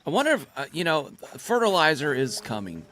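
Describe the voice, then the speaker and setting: A man hosting his own gaming channel, giving excitable, playful gameplay commentary and laughing easily. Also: a little high, fairly quick, a little hiss or hum.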